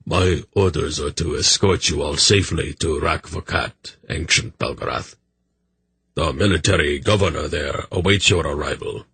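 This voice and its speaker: A man voicing a polite, calculating army captain who speaks with smooth courtesy. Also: extremely low pitch, moderate pace, fairly bright tone, dry recording, exaggerated voice. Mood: courteous.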